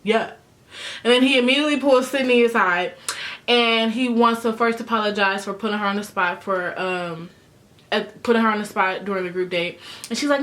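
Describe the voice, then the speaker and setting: A woman's voice: medium pitch, moderate pace, a bit bright. A young woman giving a chatty, sassy recap of a reality show, full of slang. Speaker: recap vlogger. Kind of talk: casual TV recap.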